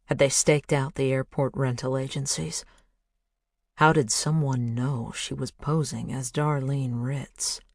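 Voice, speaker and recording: An audiobook narrator reading a thriller in a measured, hushed voice. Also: medium pitch, no echo, clean studio sound. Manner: measured, hushed, building to intense.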